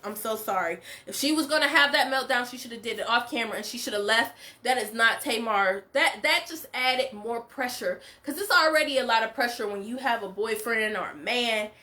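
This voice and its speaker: A woman's voice: a little high, a little fast, few pauses, bright, forceful tone. A woman hosting a casual reality show recap, opinionated and emphatic, full of "like" and "you know". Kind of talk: casual reaction commentary.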